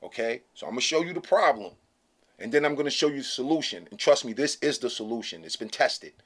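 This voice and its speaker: A man's voice: mid-range voice, expressive, fast talker, fairly bright tone. Male channel host, emphatic casual commentary, blunt and repetitive, mid-range voice. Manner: emphatic and repetitive, keeps asking "okay?"; blunt, slangy and profane.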